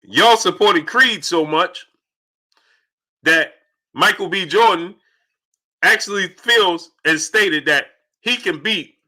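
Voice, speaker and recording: Animated man greeting live-stream viewers. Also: high-pitched. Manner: animated, shouts out chat names rapid-fire.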